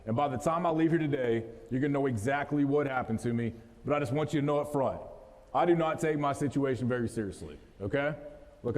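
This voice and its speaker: A man's voice: medium pitch, a little mellow. A man in his thirties from West Texas with a West Texas accent, giving a joking, folksy motivational talk straight to a live audience. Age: 30s. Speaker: motivational speaker. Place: event hall, live audience. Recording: long hall reverb.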